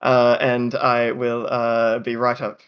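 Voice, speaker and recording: A man's voice: medium pitch, completely flat delivery, takes it slowly, clean tone, highs cut off, natural voice. A man voicing a short female halfling innkeeper who is fussy, overly polite and stammers when she gets flustered.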